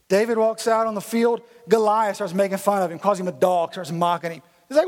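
High-voiced animated preacher in an echoey hall. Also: male voice, fast, few pauses. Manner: animated storytelling, casual slang. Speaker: pastor. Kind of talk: sermon.

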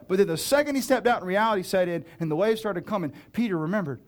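Earnest pastor preaching with dramatic swings. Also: male voice, sits high, lively intonation. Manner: dramatic, swinging between loud urgent pleading and hushed slow emphasis; earnest, direct address to listeners. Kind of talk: sermon.

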